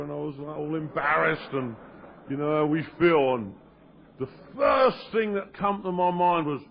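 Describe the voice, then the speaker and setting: A man's voice: high-pitched, normal speed, a little hiss or hum. A man telling his recovery story at a meeting, acting out the quoted dialogue in raised voices. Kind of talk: personal recovery story told to an audience. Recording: dull lo-fi 1992 tape of a live talk.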